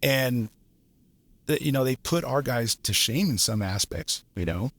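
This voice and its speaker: A man around fifty, a journeyman lineman and podcast guest, telling stories in a blunt, profane, animated way. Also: mid-range voice, unhurried. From Los Angeles area. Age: 50s. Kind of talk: casual storytelling chat.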